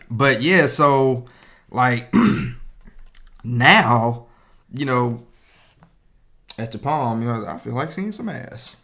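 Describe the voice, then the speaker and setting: A laid-back man co-hosting a podcast and chatting casually. His voice is bright and clear at a middling pitch, and he wanders through his thoughts with endless "you know" fillers. He cracks jokes as he goes. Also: slow pace, long pauses. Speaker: podcast co-host. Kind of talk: casual chat.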